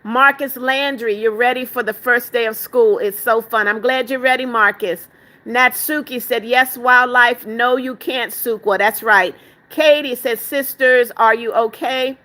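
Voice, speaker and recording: A woman's voice: fairly high pitch, steady tone, measured pace, bright, forceful tone. A woman hosting a casual live stream, reading viewer comments aloud, greeting each person by name, calling them "darling", and firmly telling spammers off. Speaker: livestream host.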